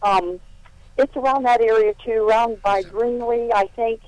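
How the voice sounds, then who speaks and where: A woman's voice: fairly high pitch, moderate pace, a little mellow, no echo, rough recording. A woman calling in to a local radio show, giving directions in a helpful, meandering way. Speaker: caller. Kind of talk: call-in chat.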